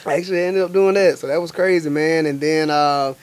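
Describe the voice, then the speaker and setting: A young adult man from Alabama, a guest chef telling stories in casual, animated talk full of slang fillers. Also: a little high, a little fast, smooth. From Montgomery, Alabama, US. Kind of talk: casual storytelling.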